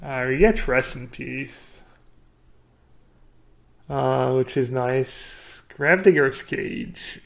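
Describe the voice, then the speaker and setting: A man's voice: mid-range voice, extremely slow, creaky, long pauses. A man streaming live, joking with chat and thinking aloud about card choices. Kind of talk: casual live-stream commentary.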